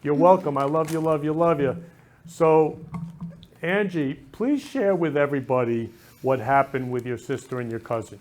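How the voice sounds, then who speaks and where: A man's voice: on the high side, moderate pace, darkish tone. A man hosting a casual talk show, effusive and affectionate, repeating loving phrases as he welcomes his guests. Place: indoor studio or temple room.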